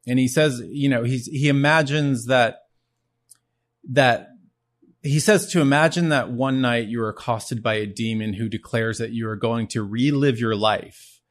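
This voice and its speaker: A man hosting his own show, explaining philosophy in an earnest solo talk, often repeating words as he gathers his thoughts. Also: mid-range voice. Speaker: show host.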